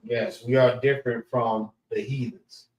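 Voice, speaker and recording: A man teaching a class in a slow, repeating way, often saying "all right" and sounding out words. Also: mid-range voice, little pitch movement. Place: class room in a library. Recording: roomy echo, voice from far off the mic.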